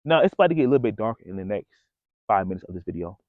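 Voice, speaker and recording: Slangy man with lively, tinny voice. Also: fairly low pitch, very fast, no echo. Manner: casual slangy, addresses viewers as bro and folks. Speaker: vlogger. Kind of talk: casual storytelling to camera. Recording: dry phone-like audio.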